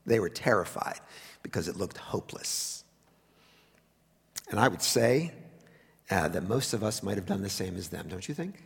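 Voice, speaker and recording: Lively, animated preacher man in a reverberant hall. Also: low-pitched, normal speed, gravelly, long pauses, slightly rough. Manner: conversational preaching, wry asides, drops to a hush for emphasis. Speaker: pastor. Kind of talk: sermon.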